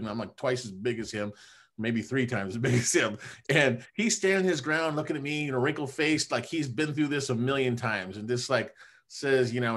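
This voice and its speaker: A man, a chiropractor guest on a podcast, telling a personal story in a casual, animated way and often dropping "man" and "you know". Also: mid-range voice.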